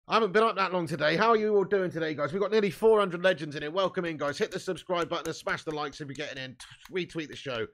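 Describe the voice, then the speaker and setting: Excitable fan commentator, bright voice. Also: male voice, on the high side, a little fast. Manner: excitable, swears freely, shouts at chances. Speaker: host of a fan match watch-along.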